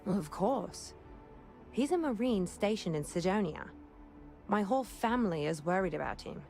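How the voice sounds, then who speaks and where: A woman's voice: medium pitch, lively intonation, moderate pace, mellow, natural voice. An actress playing a friendly, talkative young city woman who worries about her brother, in a video game. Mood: worried. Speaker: game character. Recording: game audio with music behind.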